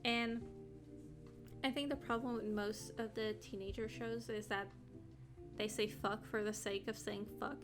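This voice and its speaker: A woman's voice: on the high side, steady tone, music in the background. A woman guest chatting casually about a series, speaking hesitantly with fillers. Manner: slow, hesitant, laughs easily. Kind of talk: casual video discussion.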